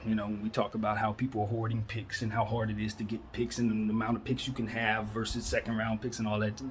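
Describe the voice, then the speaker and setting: A man's voice: lowish voice, monotone, fast talker, slight background noise. A man in his thirties hosting a solo basketball talk show, giving casual, opinionated commentary full of rhetorical questions. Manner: repeats "that's how I'm looking at it" and "man".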